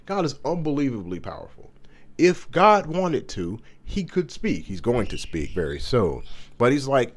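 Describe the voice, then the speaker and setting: Man hosting a Bible study, reads aloud then explains it, eager and chatty, lively voice. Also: medium pitch, normal speed, breathy edge. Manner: enthusiastic, conversational, stops to explain. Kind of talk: reading scripture with casual commentary.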